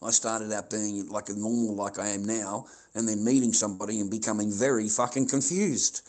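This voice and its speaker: A man's voice: lowish voice, steady tone, a little fast, darkish tone. A man with an Australian accent ranting to his livestream viewers, heated and profane, swearing and repeating himself constantly. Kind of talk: angry livestream rant.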